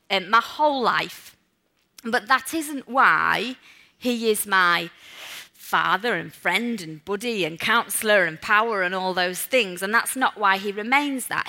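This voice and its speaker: Bright woman preaching casually. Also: a little high. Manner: conversational, with rhetorical questions. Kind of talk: sermon.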